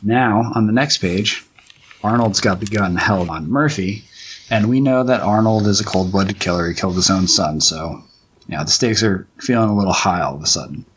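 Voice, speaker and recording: A man's voice: on the low side, fairly bright tone, a little hiss or hum. A man who writes comics, talking through his own book on a casual commentary track, rambling and often restarting his sentences. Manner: rambling, halting, many restarts and fillers.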